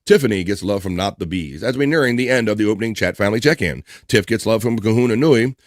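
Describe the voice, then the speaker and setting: A man hosting a livestream, chattily reading out chat messages and shout-outs with quick asides. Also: lowish voice, no room sound, studio quality. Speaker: livestream host.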